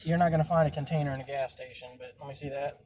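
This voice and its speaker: A man's voice: mid-range voice, steady tone, racing. A man, a podcast host on a food delivery drive, in casual crude banter inside a car. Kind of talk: casual chat while driving. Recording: loud car noise behind.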